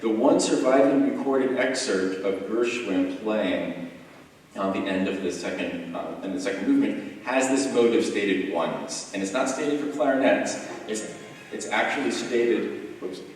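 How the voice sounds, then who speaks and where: A man's voice: fairly low pitch, unhurried, a little hiss or hum. A man on a music panel explaining an edition in a thoughtful lecture style, with many ums and restarts. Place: large echoey hall. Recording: echoey hall recording from far off.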